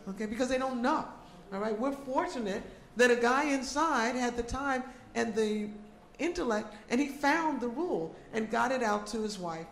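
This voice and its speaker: A woman's voice: on the high side, expressive, moderate pace. A woman organizer addressing a community meeting, speaking conversationally and checking in with the audience. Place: meeting room. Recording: echoey meeting room.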